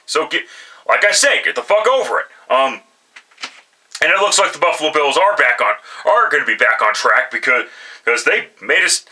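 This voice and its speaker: This sports picks vlogger talks football picks on his own, casually, bluntly and with plenty of profanity, often starting his sentences over. His pitch is fairly high and bright, his tone forceful, and the recording is rough.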